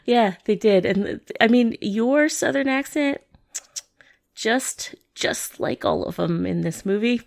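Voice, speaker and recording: A woman's voice: on the high side, animated, a little slow, gravelly. A woman co-hosting a podcast in casual chat, dry and teasing. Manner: dry, teasing, lots of short replies. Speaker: podcast co-host.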